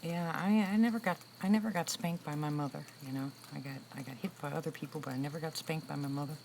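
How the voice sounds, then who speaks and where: A woman in her sixties with a notably low voice hosts a livestream, chatting casually with viewers and telling stories in a relaxed, talkative way while laughing often. She talks fast, and the poor audio carries a faint hiss from a loud air conditioner in the room.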